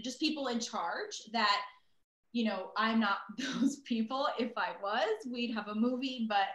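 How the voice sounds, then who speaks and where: Over a video call with a roomy echo, a voice actress guest in her thirties chats in a relaxed way. She has a mid-range, fairly bright voice and fills her talk with fillers and self-deprecating remarks.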